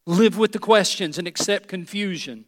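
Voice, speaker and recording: High-voiced preacher in a reverberant hall. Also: male voice, normal speed. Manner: earnest, emphatic preaching with rhetorical asides to the congregation. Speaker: pastor. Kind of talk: sermon.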